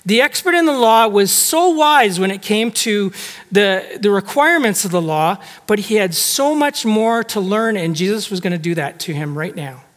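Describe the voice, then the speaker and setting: A man with a high voice delivers a sermon, talking to his congregation in a conversational way and often asking them rhetorical questions. His voice rings out with a long hall reverb around it, as if he were in a large church. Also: animated, normal speed, fairly bright tone. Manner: acts out quoted speech with shifting tone. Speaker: preacher.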